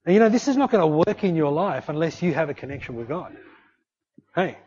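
A man delivers a sermon, telling a story with lots of animation and acting out the voices of its characters. His voice sits on the high side, husky and fairly quick. The recording is dull and lo-fi.

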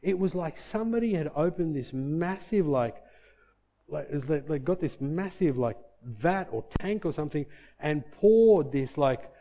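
A man's voice: on the high side, expressive, measured pace, dark tone. A middle-aged man sharing a personal faith testimony in an earnest, emotional way, with many fillers and reenacted quotes.

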